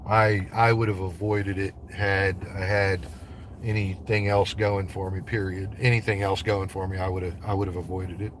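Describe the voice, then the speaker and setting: A man's voice: low voice, little pitch movement, normal speed, noisy background. Man doing a loose, profane livestream chat. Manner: loose, profane, joking banter. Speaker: livestreamer chatting with viewers.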